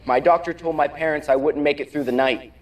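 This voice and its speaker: A man's voice: fairly high pitch, steady tone, brisk, close to an everyday voice. Man playing an earnest speaker, distant. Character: man speaking about his own disability.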